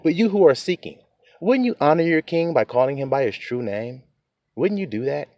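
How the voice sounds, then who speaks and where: Animated, profane preaching man. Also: on the high side, normal speed, dry recording, muffled recording. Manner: profane, emphatic, chuckles often. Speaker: religious teacher. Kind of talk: informal preaching rant.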